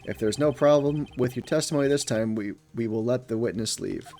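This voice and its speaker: A man reading a stern older male judge in a lowered, formal, measured voice. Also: creaky, dark tone, lightly acted.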